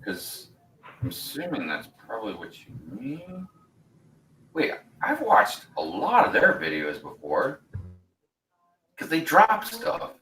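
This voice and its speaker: A man's voice: fairly low pitch, huge pitch swings, a little slow, bright, forceful tone, echoey room, recorded from a distance, faint music behind, low-quality recording. A man in his forties hosting a casual livestream, rambling in a laid-back way, laughing easily and reading chat comments aloud. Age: 40s. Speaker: host of a building livestream.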